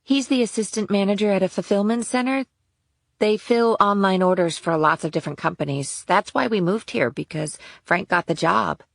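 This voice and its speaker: A man's voice: high voice, normal speed, vocal fry, a bit bright, no echo, studio quality, pitched above the performer's own voice. A man voicing a frightened young mother, in a whispered role-play audiobook reading, trembling and frantic. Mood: worried.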